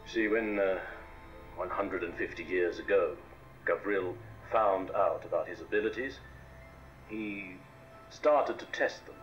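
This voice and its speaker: An actor playing a calm, mysterious male mentor who speaks slowly and in measured pauses, in film dialogue. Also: low-pitched, muffled recording, faint music behind. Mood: cryptic. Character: cryptic calm male mentor revealing secrets.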